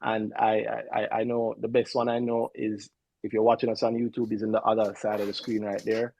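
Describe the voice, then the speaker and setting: A man's voice: fairly low pitch, monotone, a little fast, vocal fry, warm tone, dry recording, rough recording. A man hosting a casual finance talk show, chatty, often repeating and restarting his words. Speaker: show host.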